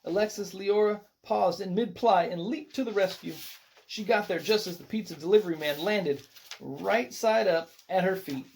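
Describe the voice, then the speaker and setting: A storybook reader narrating a picture book aloud with expressive, animated delivery. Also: medium pitch, moderate pace, creaky, a little hiss or hum.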